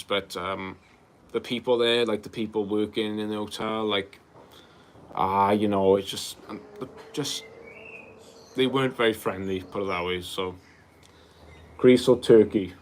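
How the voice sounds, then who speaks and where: A man's voice: fairly low pitch, moderate pace, a little hiss or hum. A man in his twenties hosting a livestream, answering viewer questions in a loose, rambling casual chat, calling people bro and filling gaps with um and like. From Wales. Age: 20s. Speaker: livestream host.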